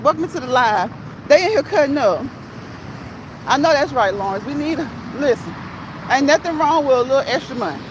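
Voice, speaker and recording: A live-stream host chatting casually while walking outdoors, slangy and laughing often. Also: high-pitched. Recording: outdoor traffic noise.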